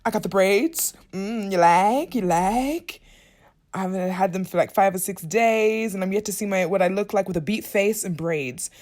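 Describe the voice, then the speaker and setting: A woman's voice: mid-range voice, fairly quick, hardly any pauses, darkish tone. A young woman chatting casually and slangily to her viewers in a get-ready-with-me vlog, recorded at home. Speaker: beauty vlogger. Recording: echoey room, mic at a distance.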